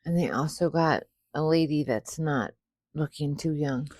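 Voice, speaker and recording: A woman's voice: sits low, unhurried, darkish tone, no room sound. A woman co-hosting a podcast, casually retelling an episode's plot with quoted asides. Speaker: podcast co-host. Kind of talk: casual recap chat.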